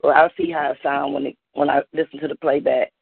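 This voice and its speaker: A woman's voice: low-pitched, level tone, fast talker, vocal fry, husky, no room sound. A woman poet at an open mic chatting on a call in a laid-back, slangy way and laughing easily. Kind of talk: casual chat on a call. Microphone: phone. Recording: tinny phone line.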